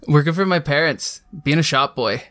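A man's voice: on the high side, normal speed, fairly bright tone. A man chatting as a podcast guest, rambling and hesitant, with many fillers. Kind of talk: casual interview chat.

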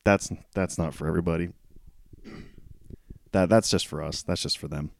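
A man hosting a solo podcast, talking candidly in a casual, self-deprecating way, often clearing his throat as he loses his voice. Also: deep voice, normal speed, darkish tone. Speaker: podcast host.

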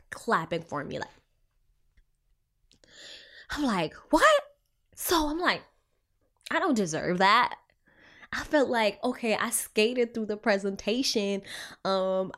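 A young woman clinician talks straight to her viewers and retells a personal story. Her voice sits in a middle pitch, and it leaps up and drops back as she reacts to her own story. She keeps the talk loose and chatty, with plenty of "you know" and "like". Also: normal speed. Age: young adult. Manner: animated, swinging pitch, filler-heavy retelling. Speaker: child trauma clinician.

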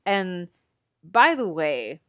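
A young woman hosting a podcast, chatty and self-mocking with quick asides. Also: on the low side, sing-song, clean tone, no room sound, studio quality. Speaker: podcast host. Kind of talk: casual chat.

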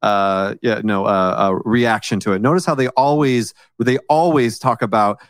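A man co-hosting a casual political podcast, talking in an animated way, swearing and mocking what others say. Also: on the low side, normal speed, no echo, clean studio sound. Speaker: podcast co-host.

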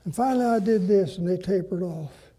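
Folksy preacher, husky and high. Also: male voice, warm tone. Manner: folksy, drawn-out preaching with dramatic pauses. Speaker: pastor. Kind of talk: sermon storytelling.

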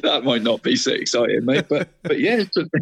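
A man co-hosting a casual local football chat, excitable and apologetic, adding "mate" to almost every line. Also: medium pitch, brisk, creaky, husky, no room sound. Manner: chatty, says "mate" constantly, apologetic and excitable. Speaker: co-host of a local football podcast.

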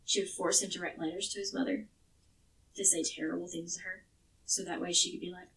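Podcast lady retelling a crime case, low-ish bright voice, a bit off mic, casual and sweary. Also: fairly even intonation, fairly quick, distant mic, low-quality recording. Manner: chatty, swearing, restarts words. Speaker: podcast co-host telling a true crime case. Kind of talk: casual true crime storytelling.

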